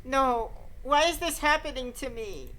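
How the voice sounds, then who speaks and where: Frightened schoolgirl, a woman reading her: bright and high, panicky, pleading. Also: lively intonation, unhurried. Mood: desperate. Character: frightened, desperate teenage schoolgirl.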